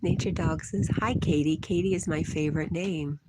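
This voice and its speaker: A woman's voice: low-pitched, steady tone, normal speed, heavy background noise. A middle-aged woman hosting a casual livestream from her porch, reading chat comments aloud, teasing and laughing often.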